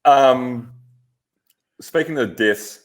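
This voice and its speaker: A man's voice: medium pitch, drawn-out words. A man co-hosting a podcast in casual chat, playful and teasing, laughing often. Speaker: podcast co-host.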